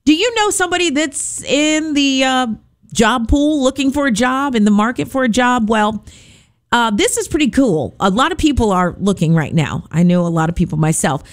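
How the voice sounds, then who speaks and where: A woman's voice: fairly high pitch, lively intonation, moderate pace. A woman hosting a radio show, chatting casually and upbeat between songs. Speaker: radio host.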